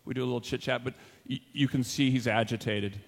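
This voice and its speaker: A man, a school teacher, telling a funny personal story to an audience in an animated, self-mocking way. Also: mid-range voice, quick pace, in a large hall.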